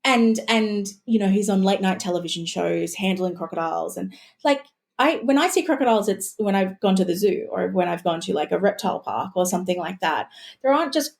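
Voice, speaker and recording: A woman's voice: medium pitch, lively intonation, fairly quick, creaky. An Australian woman, a guest historian, talking in a casual podcast conversation, chatty and full of restarts and asides.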